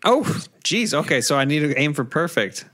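A man's voice: fairly high pitch, big pitch swings, moderate pace, a bit bright. A man co-hosting a casual podcast, easygoing and laughing along. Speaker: podcast co-host.

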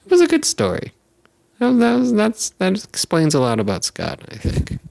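A man's voice: sits high, huge pitch swings, normal speed, vocal fry, darkish tone, no room sound. A young American man hosting a podcast, telling stories in a rambling, jokey way and sometimes slipping into silly voices. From United States. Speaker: podcast host. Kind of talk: casual chat.

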